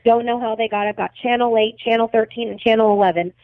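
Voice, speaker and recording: A woman's voice: a little high, fairly even intonation, fast talker, no room sound. A young adult woman recounting events as a podcast guest, blunt and agitated, swearing heavily. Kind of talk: emotional storytelling interview. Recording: tinny phone-like line, dry.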